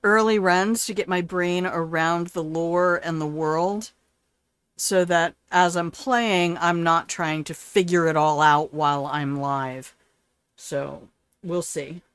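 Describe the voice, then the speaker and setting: A woman's voice: lowish voice, steady tone, slow, clean tone, dry recording. Playful older woman streaming a game. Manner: playful, chatty, reads and answers chat. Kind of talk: live gameplay stream chat.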